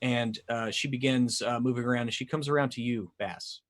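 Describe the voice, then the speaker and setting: A man's voice: mid-range voice, steady tone, a little fast. A man narrating a tabletop game as game master, rambling with lots of fillers.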